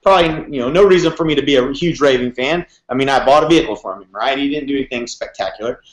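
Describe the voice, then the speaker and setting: A man, a real estate broker in his thirties, telling a story in an interview, fast and energetic, acting out phone calls as he goes. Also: mid-range voice. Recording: roomy echo.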